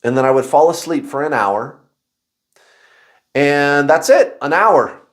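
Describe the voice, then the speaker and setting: Man, spiritual vlog host, slightly high voice, slow unhurried delivery, animated and exclamatory, confessional. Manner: animated, exclamatory storytelling with sudden high outbursts. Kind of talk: casual confessional monologue to viewers.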